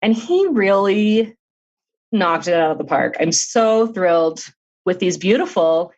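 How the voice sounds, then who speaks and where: A woman's voice: lowish voice, lively intonation, unhurried, a little mellow, lo-fi sound. A middle-aged woman, an author guest on a podcast interview, telling her personal story in an earnest, open way with light laughs.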